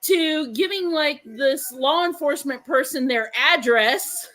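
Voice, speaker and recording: A woman co-hosting a casual chat, reacting quickly and telling a story in a guarded way. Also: high voice, animated, fairly bright tone, poor audio.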